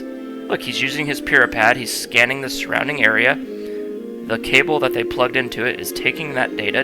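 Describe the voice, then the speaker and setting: Speaking straight to his viewers, a gravelly, medium-pitched man provides playful, jokey commentary while hosting a let's-play.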